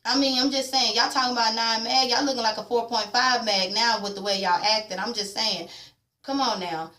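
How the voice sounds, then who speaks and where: A woman's voice: fairly high pitch, fairly even intonation, a little fast, bright, forceful tone. A woman vlogger recapping a TV episode in casual, blunt and opinionated chat with slang. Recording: echoey room.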